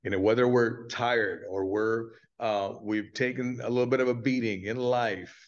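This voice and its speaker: A man guest on a podcast, earnestly telling a story with lively acted quotes in a casual chat. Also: medium pitch, normal speed, dull audio. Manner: earnest, animated storyteller who acts out quotes.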